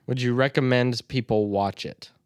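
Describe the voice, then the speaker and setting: A man's voice: mid-range voice, fairly even intonation, moderate pace, clear, resonant tone, no room sound, clean studio sound. A man co-hosting a podcast in casual chat, laid-back, swearing casually and laughing easily. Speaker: podcast co-host.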